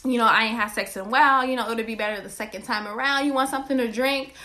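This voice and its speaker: Lady doing a sheepish young dude making excuses, kinda high and bright. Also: steady tone, quick pace, exaggerated voice. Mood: excusing himself. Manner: reassuring, apologetic.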